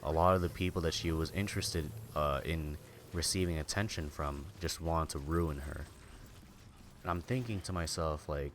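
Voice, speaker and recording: A man's voice: rumbling low, normal speed, slight background noise. A man streaming a game, venting in rambling casual chat full of filler words and swearing. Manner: venting, bitter. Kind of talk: casual chat while gaming.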